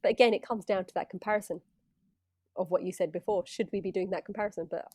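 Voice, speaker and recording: A woman's voice: mid-range voice, steady tone, quick pace, a little mellow, no echo. Chatty laughing woman, very dry sound. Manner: chatty, laughs often, acts out quotes. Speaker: podcast co-host. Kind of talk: casual chat.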